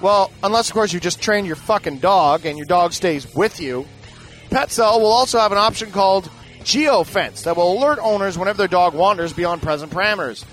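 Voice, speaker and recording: A man's voice: high-pitched, fairly quick, a bit bright, faint music behind. A man reading tech news aloud and breaking off into profane, sarcastic asides as a podcast host.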